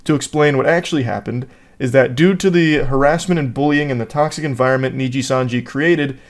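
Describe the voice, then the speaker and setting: A man's voice: medium pitch, a little fast. Dry, sardonic male commentator. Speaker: commentary video host. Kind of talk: scripted commentary.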